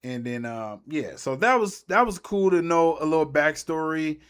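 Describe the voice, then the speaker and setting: A man talking through a film scene by scene in a loose, slangy way. He rambles and trails off mid-thought. His voice sits a touch higher than most men's. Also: animated, moderate pace, fairly bright tone, clean tone. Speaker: movie breakdown YouTuber. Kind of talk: casual movie recap commentary.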